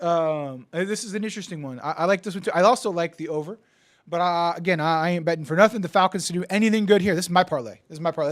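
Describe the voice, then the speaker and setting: Fast-talking excitable man, sports chat. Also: a little high. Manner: profane, excitable, stammering restarts; die-hard team fan, swings from yelling to muttering. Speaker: podcast co-host. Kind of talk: casual sports betting chat.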